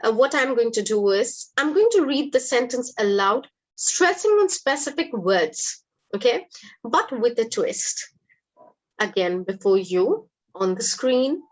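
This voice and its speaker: A woman's voice: on the high side, animated, unhurried. A woman teaching in a live online webinar, upbeat and encouraging, quizzing her audience. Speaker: English teacher hosting a webinar.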